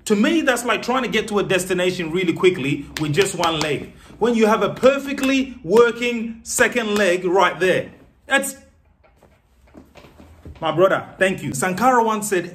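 A man giving animated, sarcastic political commentary as a vlogger. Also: high-pitched, moderate pace.

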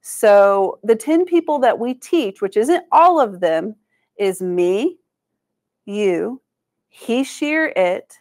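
A woman, an educator giving a language lesson to schoolchildren, encouraging them and slowly sounding out words for them to repeat. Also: mid-range voice, animated, darkish tone. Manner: encouraging, call-and-response, slows to sound out syllables. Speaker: Cherokee language and culture educator. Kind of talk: teaching a children's language lesson. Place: museum presentation room.

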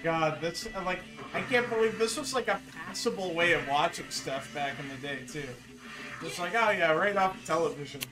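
A man's voice: fairly high pitch, moderate pace, over music. A young man casually commenting on videos as a streamer, laid-back, swearing and laughing often.

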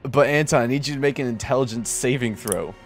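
A man narrating a tabletop game as game master, relaxed and chuckling between rulings. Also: medium pitch, fast talker, music in the background.

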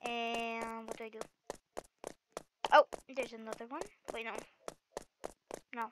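A woman hosting a let's-play, talking excitedly to viewers and shrieking at the game. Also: on the high side, takes it slowly, noisy background. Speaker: gaming channel host. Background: game music.

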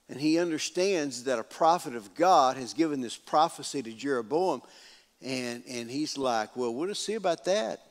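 A man preaching in a folksy, animated storytelling way, often repeating words. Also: mid-range voice. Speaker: pastor. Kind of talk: storytelling sermon. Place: church sanctuary. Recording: reverberant church hall.

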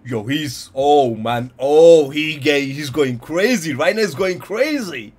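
Excitable man reacting, lively and drawn-out. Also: a little high. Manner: excitable, repeats "yo" and "man", bursts into laughs and shouts. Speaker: anime reaction channel host. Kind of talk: live reaction commentary.

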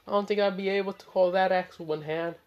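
Brief: man voicing defensive teen boy, pitched up, whiny. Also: fairly even intonation, fast talker, dull audio, lightly acted. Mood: awed.

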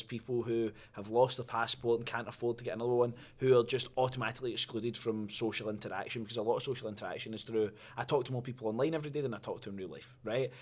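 A man in casual podcast chat, telling stories with lively energy and swearing freely. His voice sits at an ordinary middle pitch. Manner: lively storyteller, swears freely, laughs between lines. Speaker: podcast co-host.

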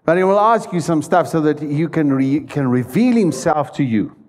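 A man's voice: on the high side, lively intonation, normal speed, darkish tone. A man preaching a sermon in a church, stressing his points and putting questions to the congregation. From South Africa. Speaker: pastor.

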